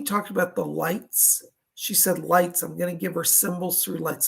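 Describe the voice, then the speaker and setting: Very gravelly man giving psychic readings. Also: a little high, a bit bright. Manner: relays messages, often pauses with "hold on". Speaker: psychic medium. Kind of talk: live online psychic readings.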